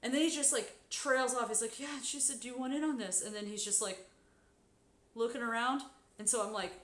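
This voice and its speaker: Woman rambling on her sewing stream, swears a ton, yelps up high now and then, echoey room. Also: brisk. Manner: chatty, swears a lot, bursts into loud high exclamations. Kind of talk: casual storytelling while sewing on a live stream.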